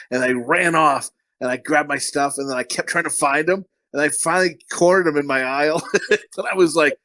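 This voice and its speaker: A man's voice: a little high, fairly bright tone, no room sound, low-quality recording. A man co-hosting a podcast, telling rambling, profane stories in casual chat and laughing often. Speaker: podcast co-host.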